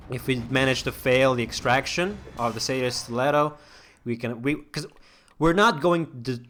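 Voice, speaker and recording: Rambling, slow-talking gamer guy. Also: medium pitch, a bit bright, slight background noise. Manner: rambling, many restarts and fillers, chatty asides. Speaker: gaming channel host. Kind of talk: casual let's-play commentary.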